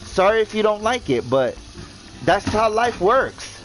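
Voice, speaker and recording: A man's voice: sits high, very animated, measured pace, fairly bright tone, low-quality recording. A man ranting indignantly in casual commentary, swearing and repeating himself as he stumbles over words. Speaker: gaming vlogger.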